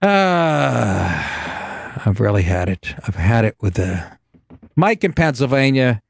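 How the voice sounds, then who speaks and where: A man's voice: medium pitch, very animated, slow, gravelly, husky, no echo, studio quality. A middle-aged man hosting a comedy talk show, ranting sarcastically with profanity and frequent laughs. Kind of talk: comedic radio show banter.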